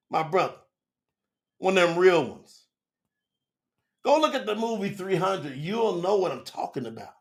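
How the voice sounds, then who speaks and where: Fervent high-voiced preacher, gravelly edge. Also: male voice. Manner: fervent, preacherly, big swings from loud to hushed. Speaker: scripture teacher on a livestream. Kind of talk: passionate live scripture teaching.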